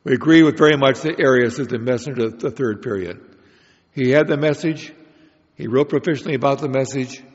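A man teaches through a prepared Bible lecture, explaining each point in a measured way. His voice sits at an ordinary pitch. The recording is dull and lo-fi, with the long reverb of a large hall. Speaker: Bible study speaker.

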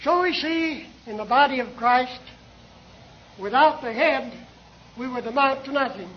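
Older male preacher, very high voice, earnest and unhurried sermon delivery. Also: dull audio, a little hiss or hum. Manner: slow, measured, earnest delivery with rhetorical questions.

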